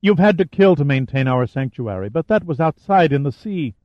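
A man voicing a young woman who gently pleads with her father in a soft, imploring way. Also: on the high side, expressive, normal speed, no room sound, dull audio, lightly acted. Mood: pleading.

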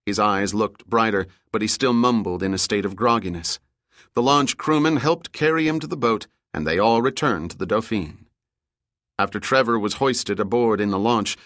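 A man narrating an audiobook thriller in a steady, measured storytelling manner. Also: on the low side, no room sound, clean studio sound. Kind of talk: scripted narration.

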